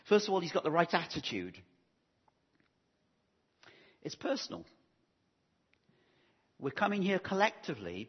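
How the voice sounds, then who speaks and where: A man preaching with a slightly husky, breathy voice that rises and falls a lot, pitched a little high for a man. He talks earnestly and pastorally, tossing in rhetorical questions to his listeners. The recording sounds muffled and lo-fi. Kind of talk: sermon.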